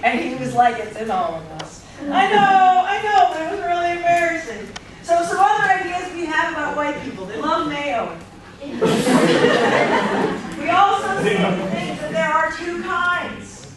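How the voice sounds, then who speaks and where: A woman lecturing to a class, telling funny anecdotes with lively delivery and frequent laughter. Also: very high-pitched, unhurried, distant mic. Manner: lively, storytelling, laughing often. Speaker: anthropology lecturer. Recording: echoey classroom recorded from afar, noisy.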